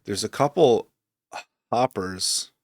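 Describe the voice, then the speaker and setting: Streamer, male, low-pitched, relaxed rambling delivery, dry room sound. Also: slow pace, no room sound. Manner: relaxed, rambling, thinking aloud with fillers. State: hiccups. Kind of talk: casual gameplay commentary.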